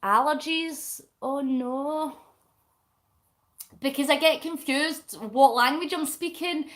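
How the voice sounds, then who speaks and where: A chatty Scottish woman vlogging to her viewers, explaining things in a playful way and breaking into giggles. Her voice sits a little higher than most women's. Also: slow, fairly bright tone. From Scotland. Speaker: vlogger reading viewer comments. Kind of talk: casual chat with viewers.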